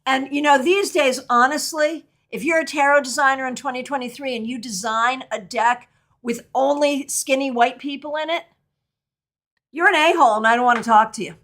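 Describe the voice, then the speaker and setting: Leading a live tarot class online, this middle-aged woman talks openly and takes viewer questions as she goes. She has a high, fairly bright voice and speaks at a normal speed.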